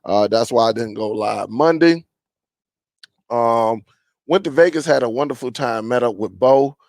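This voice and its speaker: A man hosting a casual live stream chat, greeting viewers and reading their comments aloud in a relaxed, rambling way with many fillers. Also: mid-range voice, a little slow, dry recording.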